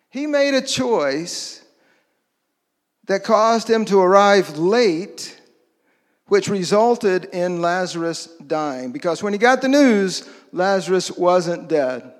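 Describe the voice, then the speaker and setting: A high-pitched man preaches with a long reverb tail trailing his words. His style is conversational, and he often poses questions to those listening.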